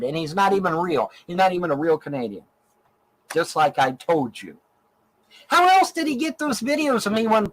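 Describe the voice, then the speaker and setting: A man's voice: high-pitched, rough recording. A middle-aged man from Ohio ranting angrily in a profane, repetitive stream monologue. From Ohio, USA. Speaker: online show host in archived clip.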